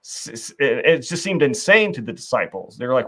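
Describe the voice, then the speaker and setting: Male host, mid-pitch, earnest and reflective, conversational, stumbles and restarts phrases. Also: big pitch swings, brisk, few pauses, a bit bright. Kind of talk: conversational faith discussion.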